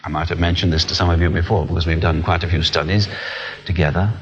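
With a deep voice and fast delivery, a man preaches an earnest, animated sermon, acting out the small inner voices people hear in their heads. The recording has a dull, lo-fi sound.

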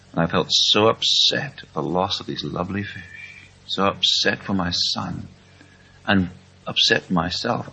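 Middle-aged English man, very low voice with a bright edge, earnest testimony speaker. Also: vocal fry, husky. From England. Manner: slow, earnest storytelling. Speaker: speaker at a Christian meeting. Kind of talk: testimony talk. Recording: dull lo-fi recording.

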